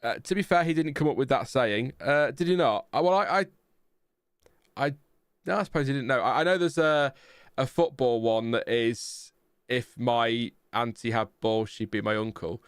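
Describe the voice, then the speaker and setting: A man's voice: mid-range voice, animated, moderate pace, smooth, no echo, studio quality. A man hosting a live stream, reading out chat messages in a rambling, self-mocking way with many fillers. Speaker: podcast host reading chat.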